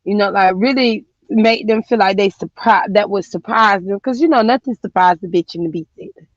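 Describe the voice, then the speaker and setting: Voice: medium pitch, fairly quick, no echo, dull audio. A co-host chatting casually on a live stream, blunt and profane in a colloquial way. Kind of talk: casual chat.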